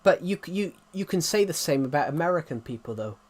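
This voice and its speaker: A man's voice: fairly high pitch, animated, fast talker. A British man streaming live, chatting casually in an opinionated, rambling way with many restarts. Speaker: livestreamer. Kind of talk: casual livestream chat.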